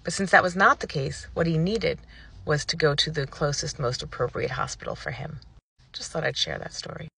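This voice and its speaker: A woman vlogger telling a personal story to the camera in a casual, animated and indignant way, acting out what people said. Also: sits low, moderate pace, creaky, breathy edge. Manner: animated, indignant retelling with acted-out quotes.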